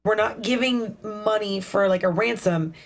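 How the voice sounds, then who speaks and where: A woman co-hosting a casual TV recap chat, talking in an animated way and driving her points home by repeating them. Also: medium pitch, measured pace, vocal fry. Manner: animated, emphatic repetition. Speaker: co-host.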